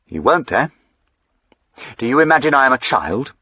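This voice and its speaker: A man's voice: fairly low pitch, animated, moderate pace, bright, forceful tone, slightly rough, dry recording, muffled recording, full character voice. A man voicing a moody, short-tempered young aristocrat with a clipped, sardonic way of speaking. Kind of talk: audiobook character voicing.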